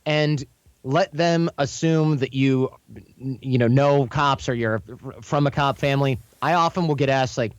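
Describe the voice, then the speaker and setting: A man as a podcast guest, explaining casually in a quick, anecdotal way and often correcting himself mid-sentence. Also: medium pitch, clear, resonant tone, dry recording, highs cut off. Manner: quick, chatty, anecdotal, frequent self-corrections. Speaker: podcast guest, charm coach.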